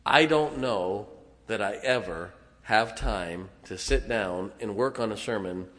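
A man's voice: fairly low pitch, measured pace, fairly bright tone. A middle-aged man preaching a sermon as pastor, folksy and self-deprecating, with frequent chuckles. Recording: long hall reverb.

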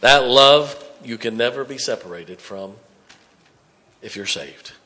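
A man preaching a sermon, dropping to hushed tones and rising to loud emphatic bursts. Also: mid-range voice, lively intonation, unhurried. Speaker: pastor.

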